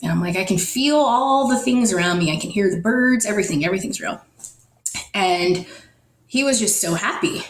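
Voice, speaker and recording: A woman from the Netherlands, a podcast guest, telling a personal story in an animated way and acting out the dialogue. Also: medium pitch, moderate pace, slight background noise. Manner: animated, acts out dialogue in quotes. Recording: roomy echo, faint music.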